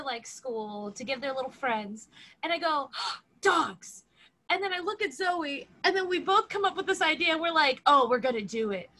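A woman's voice: sits high, sharp tone. A young woman animatedly telling a story to friends, laughing and acting out quotes in casual chat.

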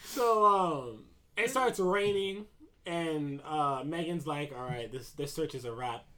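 A podcast co-host casually recapping a movie plot, rambling and hesitant with many pauses. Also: medium pitch, pushed and bright. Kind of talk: casual chat.

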